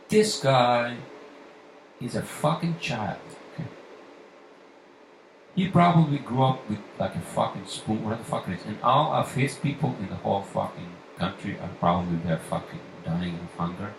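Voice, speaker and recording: A man hosting a solo podcast, ranting with heavy swearing and pushing his voice up toward near-shouting. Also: fairly low pitch, very animated, normal speed, vocal fry. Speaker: podcast host. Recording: echoey room, far from mic, faint noise.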